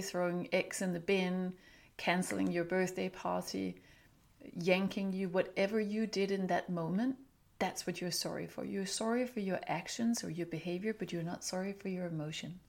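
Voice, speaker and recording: A woman's voice: medium pitch, vocal fry, darkish tone. A middle-aged woman hosting a parenting podcast, giving earnest, instructive advice and acting out example phrases. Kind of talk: advice monologue.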